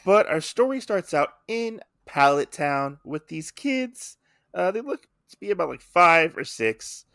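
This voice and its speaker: Man, podcast co-host, casual chat, lively pitch, bright forceful tone, dry close sound. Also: unhurried, creaky, no room sound. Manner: animated, slips into silly character voices. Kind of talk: casual chat about a comic.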